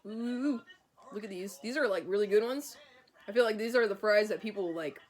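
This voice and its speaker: Woman vlogger, mid pitch, loose crude mukbang chat through a mouthful of food. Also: normal speed. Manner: crude, swears a lot. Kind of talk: casual eating vlog chat.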